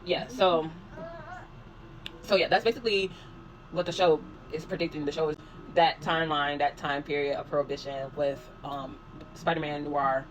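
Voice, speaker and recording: A man giving a casual spoken review of a show, rambling in a relaxed, slangy way and filling pauses with "um" and "like". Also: a little high, a little hiss or hum, rough recording. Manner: rambling, filler-heavy, with frequent "um" and "like"; slangy and laid-back.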